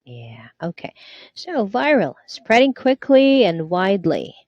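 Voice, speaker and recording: A woman's voice: medium pitch, sing-song, unhurried, a little mellow, no echo, lo-fi sound. A woman tutoring English online, prompting and correcting a student with encouragement.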